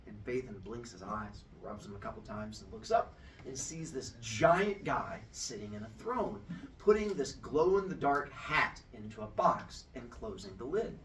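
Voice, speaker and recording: Animated man retelling a myth for laughs. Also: mid-range voice, moderate pace. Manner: animated, jokey, acts out every voice. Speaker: podcast storyteller. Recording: distant mic with faint noise.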